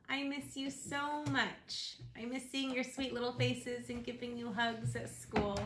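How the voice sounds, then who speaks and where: A woman teacher reading a picture book aloud to young children from her home, in an animated sing-song way. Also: on the high side, measured pace, slight background noise. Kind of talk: children's story read-aloud.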